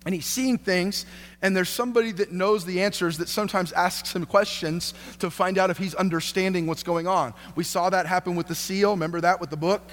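A man's voice: fairly high pitch, a bit bright. Man preaching in a reverberant church. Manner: preaching with many restarts and questions to the congregation. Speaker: pastor. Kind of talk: sermon. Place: church hall. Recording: long hall reverb, faint hum.

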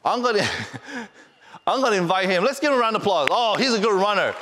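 A male pastor preaching in a church with a high, light voice. He moves between playful asides to the kids and slow, weighty emphasis, and a long reverb hangs in the hall behind him. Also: expressive, pushed and bright, a faint crowd. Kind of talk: sermon. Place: church sanctuary.

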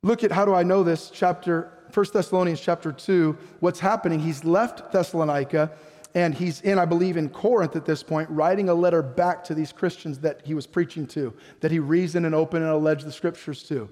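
A man's voice: on the high side, fairly even intonation, fairly quick, a little mellow, big-room sound. A man preaching a sermon as pastor, emphatic, often putting questions to the congregation. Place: church sanctuary.

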